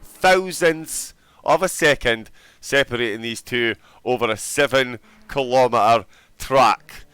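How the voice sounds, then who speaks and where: A man commentating on an online sim racing qualifying session, excitable and joking. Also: mid-range voice, clean tone, no room sound. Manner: excitable, fast-talking, joking.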